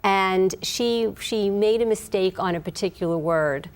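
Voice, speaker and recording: A woman who grew up speaking Yiddish, from Brooklyn, a dialect coach calmly explaining her work in an interview. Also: mid-range voice. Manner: measured, explanatory. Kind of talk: interview answers.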